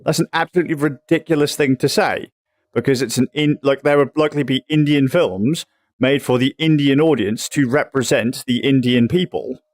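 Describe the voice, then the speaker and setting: A man's voice: mid-range voice, moderate pace, no echo. A young man from England ranting in casual chat on a livestream, swearing freely and rambling. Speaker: livestream host.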